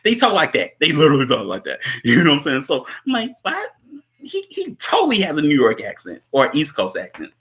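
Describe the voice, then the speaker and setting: Bright-voiced rambling man. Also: fairly high pitch, wildly swooping pitch, quick pace, hardly any pauses. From Chicago. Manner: rambling, laughs often, many fillers. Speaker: host. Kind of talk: casual movie recap.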